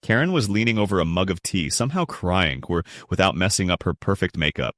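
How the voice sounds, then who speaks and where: A man's voice: low voice, expressive, brisk, fairly bright tone, no echo, studio quality. A young adult man narrating a first-person family story in a blunt, resentful tone.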